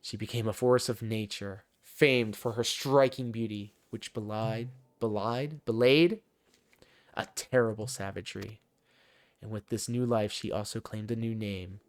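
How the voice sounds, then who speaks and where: A man's voice: on the low side, fairly even intonation, normal speed, rough recording. A man streaming a game, reading story text aloud and cracking profane jokes in casual commentary.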